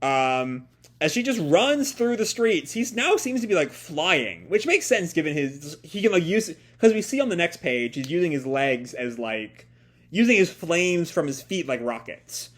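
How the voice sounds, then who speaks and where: A man reading a comic aloud and reacting to it in casual, rambling chat full of fillers and laughs. His voice is slightly high and very animated in pitch. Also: unhurried. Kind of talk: casual live reading and commentary.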